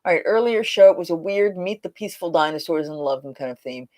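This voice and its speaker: A woman hosting a casual live chat, telling stories in an animated way and acting out quotes. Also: lowish voice, fast. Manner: animated, laughing storyteller who acts out quotes. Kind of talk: casual live-stream storytelling.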